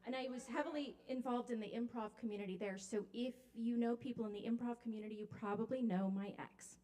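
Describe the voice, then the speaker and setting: A woman's voice: on the high side, fast talker, warm tone. A woman at an open mic joking with the crowd before reading her short stories. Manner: joking, self-deprecating. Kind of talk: chatty stage banter before a reading.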